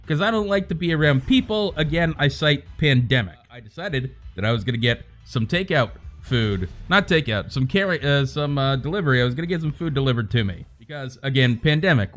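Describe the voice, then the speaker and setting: A man's voice: fairly high pitch, a bit bright. A man chatting casually on a livestream, rambling, swearing freely and joking as he rants to his viewers.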